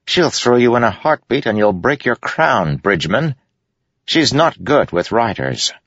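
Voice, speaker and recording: A sharp-tongued female horse trainer barks blunt, skeptical warnings, voiced by a man raising his pitch. Her tone is pushed and scolding. The sound is dry and a bit muffled. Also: very animated, a little slow, breathy edge, no room sound, full character voice.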